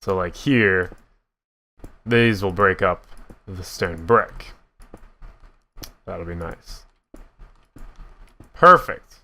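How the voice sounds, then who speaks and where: A young man giving casual, self-mocking commentary while he builds in a block game, with a deep voice that sometimes cracks. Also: very slow, pauses often, pushed and bright. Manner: chatty, self-mocking, laughs at his own slips. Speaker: gaming YouTuber.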